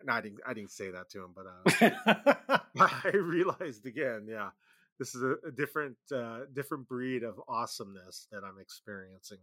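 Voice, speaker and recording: A man's voice: medium pitch, moderate pace, pushed and bright. A man being interviewed, telling rambling road stories with lots of fillers and restarts. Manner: rambling anecdotes with frequent fillers and laughs. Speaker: guest musician and label founder. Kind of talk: casual interview storytelling.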